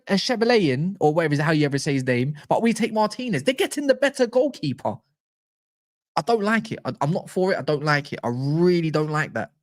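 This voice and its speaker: Man, animated livestream host; mid pitch, dry close sound. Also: dry recording. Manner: animated, slangy, quick restarts, stumbles over names. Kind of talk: casual livestream chat reading live comments.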